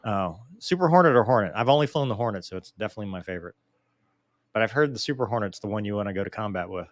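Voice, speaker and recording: Speaking rapid-fire in a lowish voice with no echo, this man in his forties runs a relaxed live Q&A, answering viewer mail. His style is lively and playful, full of jokes at his own expense.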